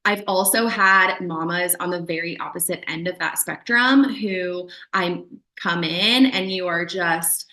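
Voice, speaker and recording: A woman doula talking casually as a podcast guest, lively, often acting out what clients and partners say. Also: fairly low pitch, unhurried, hardly any pauses. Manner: animated, acts out quoted voices of clients. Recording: roomy echo.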